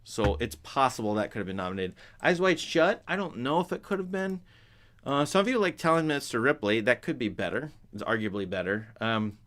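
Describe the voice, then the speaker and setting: A man's voice: mid-range voice, fairly bright tone. A man chatting casually to his viewers as a film commentator, rambling with restarts and asides.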